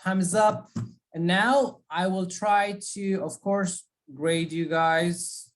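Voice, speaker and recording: A woman leads an English speaking lesson in a somewhat low voice. She encourages her students and drills pronunciation by saying words over and over. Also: slow pace. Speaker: English teacher. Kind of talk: online speaking class.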